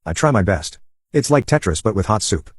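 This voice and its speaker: A man's voice: fairly low pitch, animated, fairly quick, husky, no room sound, clean studio sound. A man voicing a witty, friendly young waitress in a story reading. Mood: playful.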